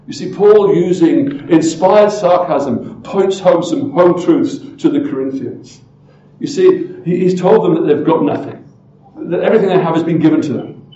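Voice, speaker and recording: A man preaching a sermon as pastor, emphatic and full of rhetorical questions, often swinging from loud to hushed. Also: on the high side, moderate pace, roomy sound, highs cut off, a little hiss or hum.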